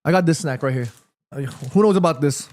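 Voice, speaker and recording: A man's voice: a little high, fairly quick, darkish tone. A man hosting a live football watchalong, chatting to viewers and reacting to the match as it happens. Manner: chatty, addresses viewers directly, reads chat aloud.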